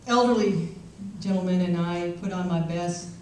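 A woman's voice: fairly low pitch, moderate pace, mellow. A woman delivers a keynote as a wry, self-mocking story. Her voice sits far off in a large, reverberant hall, recorded on a small camcorder with light background noise. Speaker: keynote speaker. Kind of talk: storytelling speech.

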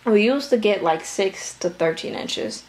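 A woman's voice: mid-range voice, expressive, a little slow, darkish tone. A young woman from Wisconsin chatting casually and rambling on a vlog, a little out of breath. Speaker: doll-collecting vlogger. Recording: echoey room.

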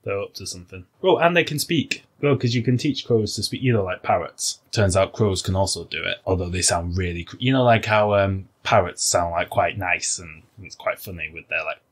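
Husky low-voiced man chatting casually. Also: fairly quick, few pauses. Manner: laughs often, trails off with fillers. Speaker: podcast co-host. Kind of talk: casual comedic chat.

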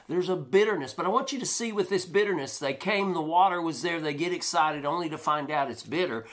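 A pastor preaching a sermon in a church, lively, now and then acting out worried voices in his quotes. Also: a little high, normal speed. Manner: animated preaching, acts out quoted complaints.

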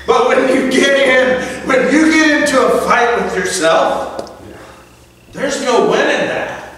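An older man, a pastor, preaching a sermon with emphatic swings from loud declarations to soft, hushed asides. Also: very high voice, very animated, measured pace, a little hiss or hum. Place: church sanctuary. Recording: echoey church hall from far off.

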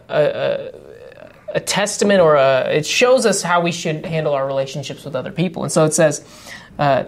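Young man, co-host, worship leader, earnest, thoughtful, halting delivery. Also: a little high. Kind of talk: casual devotional radio chat.

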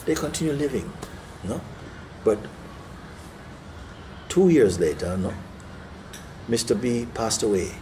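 A man and spiritual teacher telling a parable to listeners, animated and often checking in with "no?" and "you see?". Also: medium pitch, unhurried, pauses often, slight background noise. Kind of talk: storytelling in a spiritual talk.

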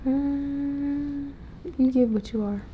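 A woman's voice: high voice, takes it slowly, highs cut off. A young woman chatting casually as a vlog guest, teasing and giggling.

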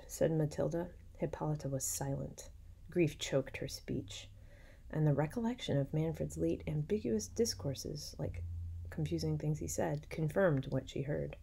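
A young woman lecturer reading a classic novel aloud, stopping to paraphrase the lines in casual, slangy asides and whispering quick side remarks. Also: deep voice, animated, gravelly, dark tone, husky. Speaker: literature lecturer.

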